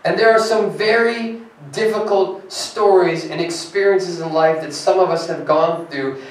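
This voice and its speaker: A man's voice: high-pitched, unhurried. A man preaching a sermon as pastor, earnest and rising to emphatic peaks as he reads scripture aloud. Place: church sanctuary. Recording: echoey hall from far off.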